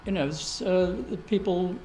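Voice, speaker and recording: A man, a village trustee, speaking haltingly with many fillers at a public budget meeting. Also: sits high, fairly even intonation, mellow, a little hiss or hum, rough recording. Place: council meeting room.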